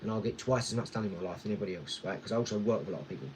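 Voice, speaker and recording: A blunt man talks loosely and directly to the camera, vlog style, with faint noise behind him. His speech rambles from point to point and often turns to the viewer with quick tag questions. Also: lowish voice, animated, a little mellow, low-quality recording. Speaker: vlogger. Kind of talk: casual rambling vlog talk.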